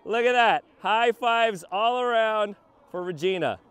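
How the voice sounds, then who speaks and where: A man giving excited, joking play-by-play of a softball game from an outdoor field, filmed by a camera on a tripod. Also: high-pitched, measured pace, smooth, dry recording. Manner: excitable, joking, yelps and exclamations. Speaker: vlogger and softball player.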